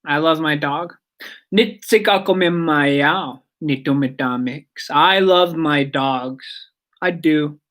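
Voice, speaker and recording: A woman giving a casual radio language lesson, chatty and digressive, repeating words slowly for learners. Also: low-pitched, a bit bright.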